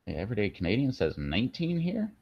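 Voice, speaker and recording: Talking fast with wildly swooping pitch, a slightly rough-voiced man hosts his video channel, chatting casually, jokily, and with lots of fillers as he rambles. The dry, dull, low-fidelity audio has no room sound.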